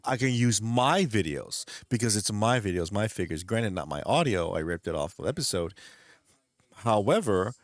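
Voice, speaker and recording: A man's voice: fairly low pitch, lively intonation, moderate pace, no room sound. A man hosting his channel in casual chat, rambling, laughing often and restarting sentences. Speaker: channel host.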